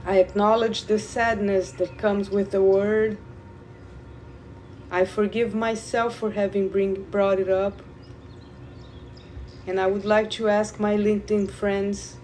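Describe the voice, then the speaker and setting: A woman who guides Reiki, talking slowly and loosely to viewers in a live stream, repeating words and addressing them directly. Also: medium pitch, level tone, a little mellow, a little hiss or hum. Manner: slow, meandering, repeats words, talks to viewers. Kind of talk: live spiritual stream talk.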